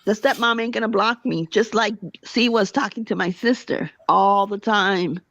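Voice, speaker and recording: A woman's voice: mid-range voice, moderate pace, fairly bright tone, no echo, lo-fi sound. A woman livestreamer in casual chat, ranting heatedly and gossiping about other streamers.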